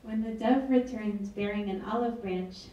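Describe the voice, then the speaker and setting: A woman's voice: medium pitch, normal speed, warm tone, distant mic, muffled recording, slight background noise. Woman reading aloud in an echoey hall. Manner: wry, chatty storytelling. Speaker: author reading her work. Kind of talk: public reading with asides. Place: event hall. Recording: echoey hall, mic from afar.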